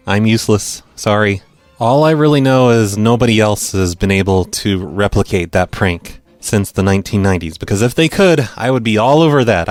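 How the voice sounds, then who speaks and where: A man's voice: lowish voice, no room sound. Rambling, dry-witted male show host. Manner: rambling, self-deprecating, dry asides. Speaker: host of a prank call show. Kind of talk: casual radio-style chat.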